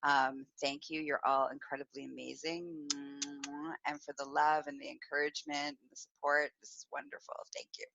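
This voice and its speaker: During a live-streamed storytelling chat, this podcast host speaks in a low voice with vocal fry at normal speed, captured on a muffled recording. She's animated, laughs a lot, and performs the quoted voices in her story.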